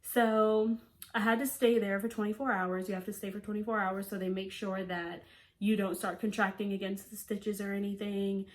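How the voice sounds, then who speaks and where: A woman's voice: medium pitch, moderate pace. A young woman vlogger telling a personal story in a chatty, casual way, full of "like" fillers and quoted lines. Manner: chatty, frequent "like" fillers, animated quoting. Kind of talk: storytime vlog.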